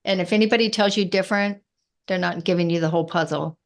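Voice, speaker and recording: A woman's voice: on the low side, fast. Woman entrepreneur on a podcast, talks straight and direct. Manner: frank, direct, down-to-earth. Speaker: entrepreneur guest. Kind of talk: casual interview chat.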